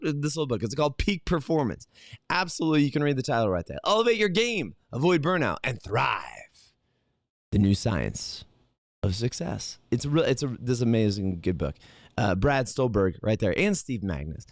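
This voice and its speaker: Male host, morning motivational show, animated and high-ish, energetic, dry close sound. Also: normal speed, dry recording. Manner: energetic, talks straight to viewers with many fillers and restarts.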